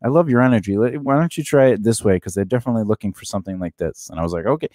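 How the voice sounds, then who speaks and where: A man's voice: fairly low pitch, racing, dry recording, clean studio sound. A man co-hosting a casual talk show, giving career advice and acting out quoted lines in different voices. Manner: animated, acts out quoted lines in changed voices. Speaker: podcast co-host.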